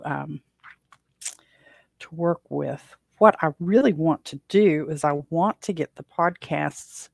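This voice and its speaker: A woman's voice: low voice, no room sound. A woman from the United States hosting her own podcast, chatting casually on her own and rambling with many fillers and restarts. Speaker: podcast host. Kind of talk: casual solo chat.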